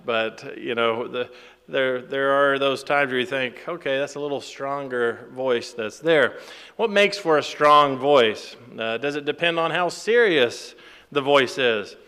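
A man preaching in an easy, conversational manner, often pausing on fillers and chuckling between points. His voice is smooth and resonant at a middle pitch. It rings out with a long reverb, as in a large hall. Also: pushed and bright. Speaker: pastor. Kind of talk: sermon.

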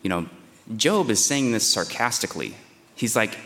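A man's voice: on the low side, sing-song, moderate pace, fairly bright tone. A man preaching through scripture, reading verses and acting out the speaker's pleas in a raised, dramatic voice. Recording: long hall reverb.

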